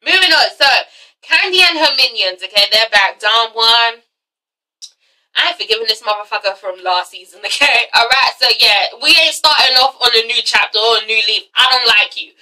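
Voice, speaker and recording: A woman's voice: fairly high pitch, expressive, moderate pace, sharp tone, recorded from a distance, rough recording. A young woman recapping a reality show in a chatty, sassy vlog, swearing freely. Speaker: TV recap vlogger.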